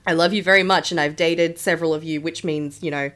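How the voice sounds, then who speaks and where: A woman's voice: sits low, steady tone, fast talker, fairly bright tone. A woman co-hosting a podcast in casual chat, joking about herself, apologizing often and giggling between lines. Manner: self-deprecating, apologetic, giggly. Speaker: podcast co-host.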